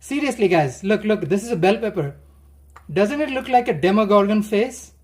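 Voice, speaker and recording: A woman's voice: medium pitch, lively intonation, moderate pace, darkish tone. A woman hosting a cooking livestream, chatting playfully and chanting silly sing-song phrases as she cooks.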